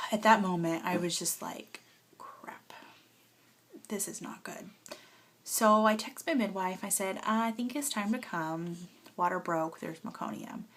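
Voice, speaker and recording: Emotional young mom telling a story. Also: female voice, mid-range voice, measured pace, a bit bright, slight background noise. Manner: emotional, rambling with many fillers, tearful at times; holding a nursing baby while talking. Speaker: mother telling her birth story. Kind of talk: casual storytelling vlog.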